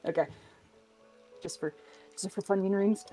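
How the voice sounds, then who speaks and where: A woman playing a tabletop role-playing game, describing her character in a measured, casual way. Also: mid-range voice, fairly even intonation, over music. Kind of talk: casual role-play chat.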